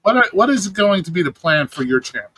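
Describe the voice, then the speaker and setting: A male host stumbles through his questions in loose, swearing podcast talk. His voice is bright and a little higher than most men's, with a lot of edge. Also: sing-song, fairly quick, husky, dry recording, poor audio. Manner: stammering, restarts his questions. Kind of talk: casual profane podcast chat.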